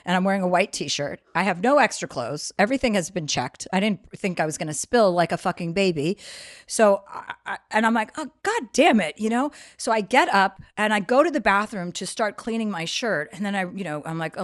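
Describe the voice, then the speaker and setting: Profane, animated woman telling a story. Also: mid-range voice, brisk, no room sound, clean studio sound. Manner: profane, animated storyteller, rants with rising volume. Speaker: podcast guest. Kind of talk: casual storytelling chat.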